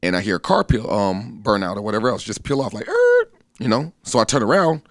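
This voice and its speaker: A man's voice: on the low side, fast, no echo, studio quality. A man in his thirties, an army veteran, earnestly recounting a personal account in plain conversational speech. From United States. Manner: earnest, plainspoken, acts out quoted voices. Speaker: guest telling his story.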